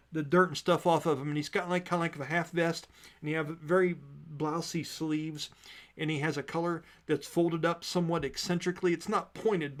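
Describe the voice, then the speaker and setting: Brief: male game master narrating scenes, with a bit of a lifted pitch and plenty of fillers. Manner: descriptive, with frequent fillers.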